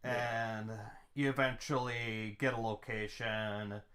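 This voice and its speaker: A man narrating a tabletop game as game master, with hedging, slow descriptions. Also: medium pitch, steady tone, pushed and bright, slight background noise. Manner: slow, hedging narration with frequent sort-ofs. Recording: roomy echo.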